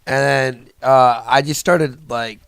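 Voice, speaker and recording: A man's voice: medium pitch, fairly even intonation, slow, vocal fry, fairly bright tone, clean tone, no room sound. A man hosting a livestream in casual, crude, joking banter, laughing often. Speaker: livestream host.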